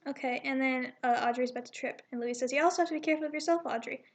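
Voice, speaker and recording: A comic artist with a high voice reads her draft aloud in a casual read-through, voicing the characters. She rambles, corrects herself, and tosses in quick asides along the way.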